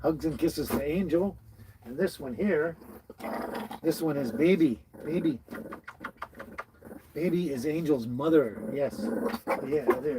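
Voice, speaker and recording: A slightly high-voiced man from British Columbia, Canada, talks slowly with long pauses while hosting a relaxed livestream from a tiny house with dogs close by. He greets viewers by name in a folksy way over a noisy background.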